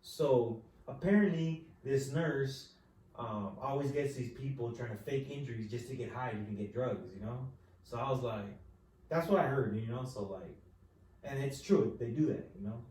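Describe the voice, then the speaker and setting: A man hosting a podcast, telling a story in relaxed casual chat, swearing and saying "dude" over and over. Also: medium pitch, moderate pace. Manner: relaxed, profane, says "dude" constantly. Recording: echoey room, distant mic, faint noise.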